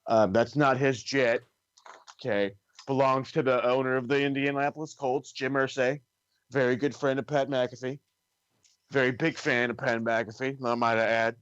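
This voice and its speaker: A man's voice: mid-range voice, moderate pace, clean tone, no echo, muffled recording. A man co-hosting a wrestling podcast in casual chat, ranting with lots of swearing. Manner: profane, ranting, animated.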